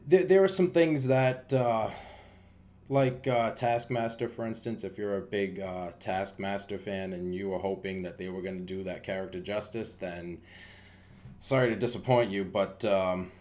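A man's voice: sits low, moderate pace, darkish tone. A man giving a casual, rambling movie review, with lots of fillers and restarts.

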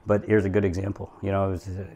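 A man working as a real estate agent, talking straight to his viewers in a vlog, excited and emotional. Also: low-pitched, rapid-fire. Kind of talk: vlog narration to camera. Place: condo overlooking the ocean.

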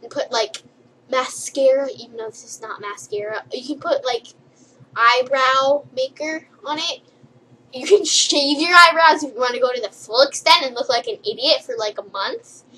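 A woman's voice: sits high, moderate pace, sharp tone, slight background noise, rough recording. A young woman vlogger rambling playfully and giggling through a silly list. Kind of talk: silly comedic list vlog.

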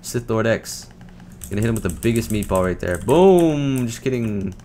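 A young man giving casual, joking commentary over a video game, trash-talking and breaking into loud shouts. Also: on the low side, fairly even intonation, a little fast, a little hiss or hum. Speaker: gaming commentator.

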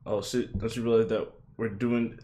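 A young man reacting to an anime episode in casual commentary, swearing a lot, shouting "yo" and "bro" and bursting into high laughing yelps. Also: moderate pace. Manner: excitable, swearing, frequent "yo" and "bro" exclamations.

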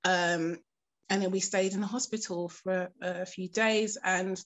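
A woman giving personal testimony for a documentary interview, with a voice in the middle of the usual range for a woman. She speaks earnestly and haltingly, with many pauses and fillers. She keeps her composure as she recounts something painful. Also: mid-range voice, fairly even intonation, fairly bright tone.

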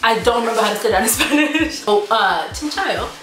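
A woman's voice: a little high, expressive, fairly quick, background noise. A woman vlogger from the United States, talking casually in a playful, self-mocking way and laughing often as she practices phrases aloud. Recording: roomy room with background music.

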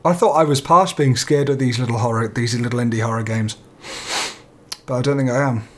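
Here the let's play gamer speaks briskly in a mid-range voice. He's a young man working through a horror game, anxiously narrating his own fear and swearing from time to time.

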